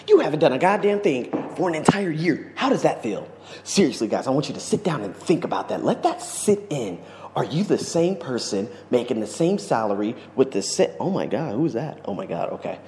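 A man's voice: medium pitch, a little mellow, slight background noise. A man hosting his own podcast, talking in an effusive, exclamatory vlog monologue. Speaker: podcast host. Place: living in Bangkok. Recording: roomy echo with long reverb.

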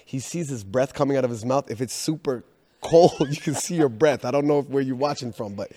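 A man telling a family story in casual chat, animated, laughing often and acting out the people he quotes. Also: medium pitch, a little fast, big-room sound, a little hiss or hum.

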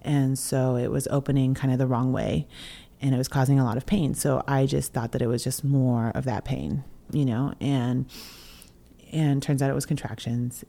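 A low-voiced young woman shares a personal story on a podcast, in a relaxed, chatty way. She is animated and breaks into laughter between phrases, acting out what others said. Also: normal speed, creaky. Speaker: podcast co-host. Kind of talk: casual storytelling chat.

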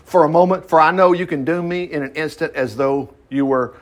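A man's voice: a little high, brisk, natural voice. A man reading the lines of a desperate older brother, earnest and imploring. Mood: pleading.

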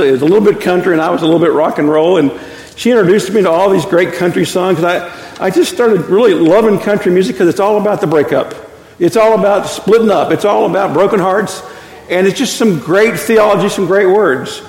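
In the long, echoing reverb of a church sanctuary, a man in his fifties from Texas preaches with a high-pitched, slightly mellow voice. The pastor tells stories and laughs at his own jokes.

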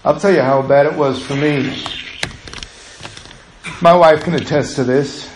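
A man's voice: fairly high pitch, fairly even intonation, measured pace, roomy sound, slight background noise, low-quality recording. A middle-aged man, a pastor, preaching a passionate sermon to his church that builds to urgent pleas.

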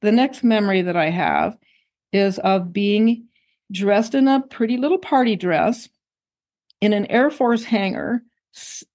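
An older woman, a guest on an interview show, recounting her own memories in a reflective, unhurried way. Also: mid-range voice, darkish tone. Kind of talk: personal recollection in an interview.

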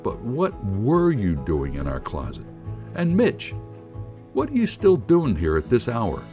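A man's voice: medium pitch, huge pitch swings, unhurried, soft background music, voice pushed up. A man doing a startled, indignant wife. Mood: exasperated. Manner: sharp, questioning.

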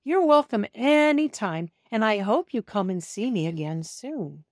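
A woman voicing a gentle farm woman who speaks calmly and soothingly. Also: medium pitch, unhurried, no echo, clean studio sound, natural voice. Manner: soft, soothing, calm. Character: gentle, calm adult woman living on a farm.

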